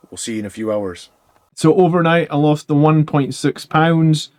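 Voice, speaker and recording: A man in his thirties talks through a casual video diary, worn out and foggy after a long fast. He rambles along, keeps restarting his sentences and loses his thread in places. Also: fairly high pitch, animated, a little mellow. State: tired and foggy from fasting. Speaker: YouTube channel host.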